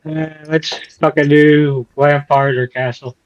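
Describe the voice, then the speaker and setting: A man's voice: fairly high pitch, level tone, slow pace. Blunt man on a dull lo-fi line. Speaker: trivia contestant.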